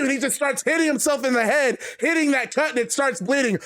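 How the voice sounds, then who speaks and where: Brief: high-pitched male narrator, excited wrestling game recap. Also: fast.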